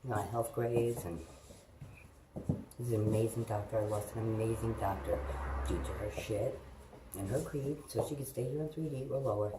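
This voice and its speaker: Background noise runs under this home vlog, where a middle-aged woman with a rumbling low voice speaks at normal speed into a phone held in her hand. Indoors, she rambles casually to camera, swearing freely and talking to her pets.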